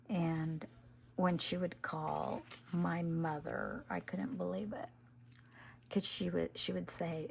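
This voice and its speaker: Woman crafter with a lowish, soft, half-whispered voice, chatting casually at her work. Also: steady tone, gravelly, slight background noise. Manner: slow, soft-spoken, often half-whispered. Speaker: junk journal crafter.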